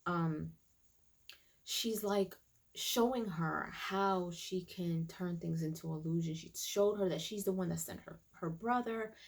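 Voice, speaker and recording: A woman reviewing a TV episode, recapping it in a chatty way with lots of fillers and restarts. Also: on the low side. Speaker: YouTube TV reviewer.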